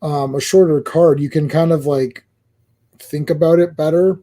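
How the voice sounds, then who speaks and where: A man with a high, light voice rambles through a casual podcast chat. He tells stories at length and often laughs at his own jokes. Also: fairly even intonation, normal speed, mellow. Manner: rambling, self-amused storytelling. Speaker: podcast host.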